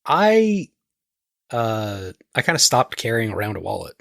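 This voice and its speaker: A man's voice: mid-range voice, sing-song, measured pace, gravelly, fairly bright tone, no echo, studio quality. A man co-hosting a podcast in casual chat, stammering and restarting as he rants. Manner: stammers and restarts while ranting. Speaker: podcast co-host.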